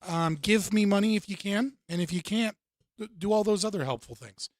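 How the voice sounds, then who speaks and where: A man's voice: sits high, fairly quick, no room sound, studio quality. A man hosting a live-stream reaction show, ranting and joking with heavy profanity. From United States. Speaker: livestream host.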